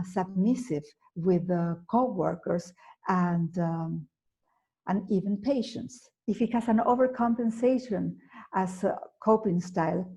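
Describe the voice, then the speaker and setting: A native Spanish-speaking woman with an Argentine accent presents a therapy lecture in a measured, careful way. Her voice is dark and husky with a gravelly edge. She pauses on fillers and corrects herself as she goes. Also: on the low side, dull audio. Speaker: psychotherapist presenting at a conference.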